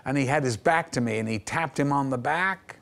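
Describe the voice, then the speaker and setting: An older man tells his stories with relish as a TV guest. He is an animated raconteur who lets his pitch rise and fall as he acts out the people in his anecdotes. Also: fairly quick, vocal fry. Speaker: actor guest. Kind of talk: anecdotal interview storytelling. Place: television studio.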